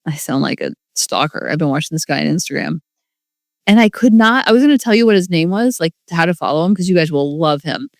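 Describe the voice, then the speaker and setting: A woman in her forties hosts a casual solo podcast, rambling and gushing while filling her speech with "like." Her low-pitched voice is sing-song, she talks fast, and the recording is studio quality with no room sound.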